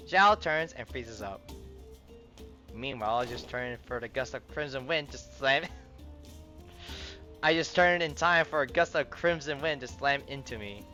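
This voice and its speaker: A man's voice: mid-range voice, pushed and bright. A man casually reading a game's story text aloud, often stumbling over words and starting lines again.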